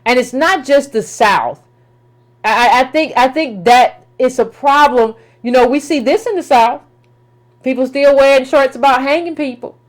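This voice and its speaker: A high-pitched woman delivering a political commentary rant. She talks in an emphatic, colloquial way, circling back on her words and firing off rhetorical questions.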